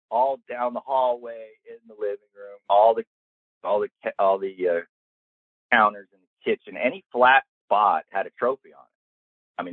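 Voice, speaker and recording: Older male golf pro guest, lively storyteller, lowish voice, phone-line sound. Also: no echo. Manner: lively, acts out quoted lines in the story. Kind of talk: storytelling anecdote in an interview. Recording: tinny dry phone-like line.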